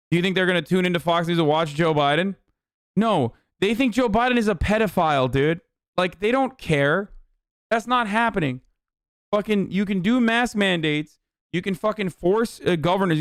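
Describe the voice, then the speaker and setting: A man's voice: fairly high pitch, clean tone, no echo, studio quality. Profane, exasperated young male streamer. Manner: blunt, profane, exasperated ranting. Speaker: streamer and political commentator. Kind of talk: casual livestream commentary.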